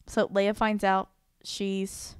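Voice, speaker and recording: A woman's voice: mid-range voice, completely flat delivery, takes it slowly, smooth, no echo, studio quality. A woman co-hosting a podcast, chatting casually and retelling favourite scenes. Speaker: podcast co-host. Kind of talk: casual fan chat.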